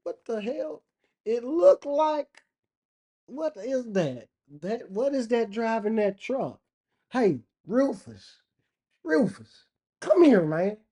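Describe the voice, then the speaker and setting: A man voicing an excitable rural onlooker who stammers in disbelief at what he sees. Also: takes it slowly, slightly rough, exaggerated voice. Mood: incredulous. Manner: shrill, incredulous, stammering.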